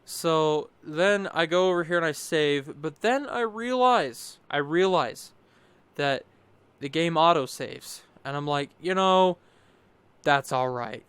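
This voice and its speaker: Chatty young man, smooth dry voice. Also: on the high side, slow, no room sound. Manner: rambling, restarts often, chatty and animated. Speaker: gameplay commentator. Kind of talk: casual gameplay voice-over commentary.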